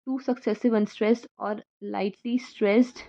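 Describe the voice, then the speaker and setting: A woman's voice: medium pitch, steady tone, measured pace, vocal fry, dark tone. Woman reading a poetry text aloud. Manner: careful reading with self-corrections. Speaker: student reader. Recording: dull lo-fi recording.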